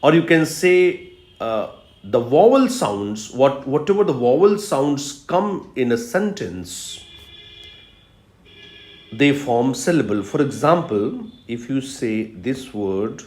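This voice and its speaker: A man giving a recorded lecture on poetry, teaching slowly and emphatically with repetitions and fillers. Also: medium pitch, very animated, darkish tone, faint music behind. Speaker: English literature lecturer. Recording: echoey room.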